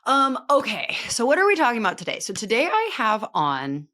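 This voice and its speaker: A woman's voice: on the high side, huge pitch swings, a little fast, pushed and bright. Chatty rambling woman in her late thirties. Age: late 30s. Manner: rambling, talkative, full of filler words. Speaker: podcast host. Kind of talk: casual chatty monologue.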